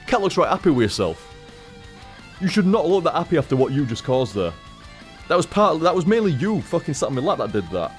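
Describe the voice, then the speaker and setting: A man's voice: on the high side, big pitch swings, fairly quick, soft background music. A man, a streamer rambling casually after a stream and swearing constantly. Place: home room.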